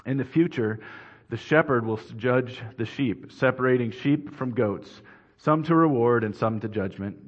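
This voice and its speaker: Male preacher in a reverberant hall. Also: medium pitch. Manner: measured, earnest expository preaching. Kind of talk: sermon. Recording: dull, reverberant hall recording.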